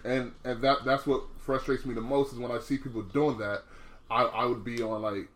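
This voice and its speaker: With a fairly bright tone, medium pitch and fairly even intonation, a man co-hosts a podcast at a moderate pace. He talks frankly and casually, swears a lot, says "bro" often and restarts his lines many times.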